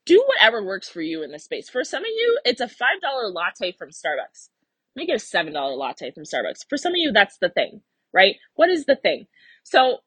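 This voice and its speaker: A young woman coaching listeners on her own podcast, her pitch swinging up and down as she acts out their inner voices. Her voice is slightly husky and the sound is dry and close. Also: fairly bright tone, no room sound. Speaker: life coach and podcast host. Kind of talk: solo podcast talk.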